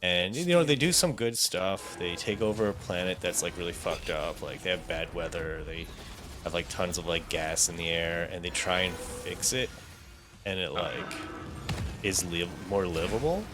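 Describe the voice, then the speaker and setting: A young man chatting casually and rambling as he recaps a story, dropping into quick impressions of the characters. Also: deep voice, music in the background. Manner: rambling, animated, acts out characters' quotes in passing. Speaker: podcast co-host. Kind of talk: unscripted casual chat, recapping a game story.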